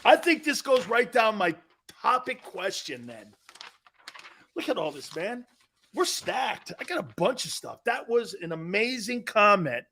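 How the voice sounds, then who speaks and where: Loud, joking male sports talk host. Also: high-pitched, sing-song, measured pace, slight background noise. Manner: loud, joking, jumps between topics, often raises his voice. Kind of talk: live sports talk stream, reading chat.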